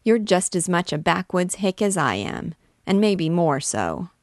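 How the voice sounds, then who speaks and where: A woman's voice: lowish voice, sing-song, measured pace, no echo, studio quality. Female reader as young wife, plain-spoken, scolding, audiobook. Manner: blunt, scolding.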